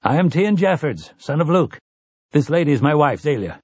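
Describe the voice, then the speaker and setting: A man's voice: a little high, big pitch swings, moderate pace, a little mellow, slightly rough, no room sound, pitched above the performer's own voice. A man voicing a humble, polite young farmer who speaks with deference. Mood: deferential. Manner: deferential, courteous.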